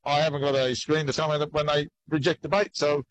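A man with an Australian accent, chatting casually about fishing in a relaxed, folksy way and calling people "mate". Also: on the high side, quick pace, low-quality recording. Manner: laid-back, folksy sayings, says "mate" often. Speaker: fishing guest. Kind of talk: casual chat.

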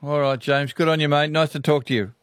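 A man's voice: on the high side, fairly even intonation, fast talker, fairly bright tone, dry recording. A man hosting a radio phone-in, chatting with callers in a friendly, easygoing way. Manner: friendly, chatty, laughs easily. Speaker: radio host. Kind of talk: casual radio phone-in chat. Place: radio studio.

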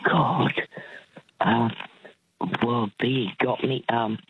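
A woman's voice: rumbling low, steady tone, slow, a little hiss or hum. A woman from South Australia with an Australian accent calling in to radio, chatty and exclaiming. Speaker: radio caller. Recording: tinny phone line.

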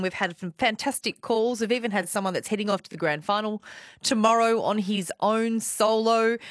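A woman's voice: fairly high pitch, fairly bright tone, no room sound, studio quality. An Australian woman hosting a live radio talk show, bubbly and chatty as she reads out listener texts and invites calls. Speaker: radio host. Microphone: studio microphone.

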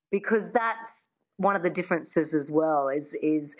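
A woman's voice: mid-range voice, animated, moderate pace. Aussie woman dialect coach explaining stuff, demonstrates sounds, a bit dull lo-fi sound. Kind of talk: studio interview, teaching accents.

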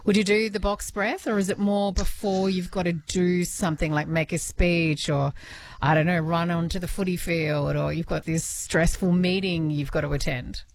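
A woman with a slightly low voice interviews a guest, curious and conversational. A faint hiss runs under the recording. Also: fairly even intonation, normal speed. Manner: chatty, curious. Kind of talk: casual interview questions.

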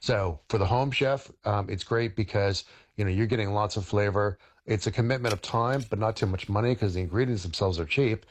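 A middle-aged man, a historian and chef, explaining cooking on radio in a halting way, with many fillers and restarts. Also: fairly low pitch, a little hiss or hum.

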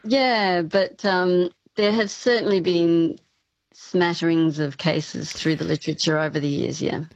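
A woman's voice: fairly low pitch, steady tone, unhurried, no echo. Woman, academic guest, explanatory, restarts often; slightly muffled, dry sound. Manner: explanatory, with frequent ums and restarts. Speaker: speech pathology professor, interview guest. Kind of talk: radio interview, expert explaining.

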